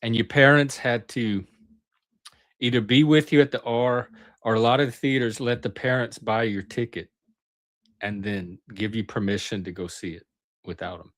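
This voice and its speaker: With a somewhat bright, medium-pitched voice, fairly even intonation, and normal speed, a middle-aged man reminisces on his channel. He rambles chattily in a casual monologue and regularly interrupts himself mid-sentence.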